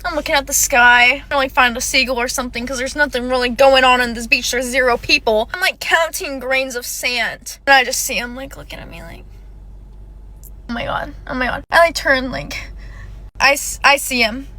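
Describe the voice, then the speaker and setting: A woman's voice: high voice, fairly even intonation, moderate pace, pushed and bright. A young woman telling a dramatic personal story in a chatty, emphatic way. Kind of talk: casual storytime.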